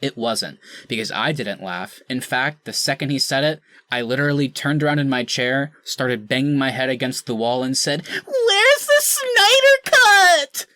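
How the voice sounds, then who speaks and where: A man co-hosting a podcast in casual banter, his voice bright and forceful. He jokes in an animated way, swinging into mock outrage, and sounds close and dry. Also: medium pitch, normal speed, hardly any pauses, no room sound. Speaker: podcast co-host.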